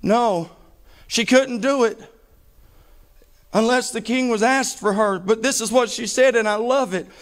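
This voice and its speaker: High-voiced preacher man. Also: measured pace, pauses often. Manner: fervent, emphatic preaching with heavy repetition. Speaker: pastor. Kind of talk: sermon.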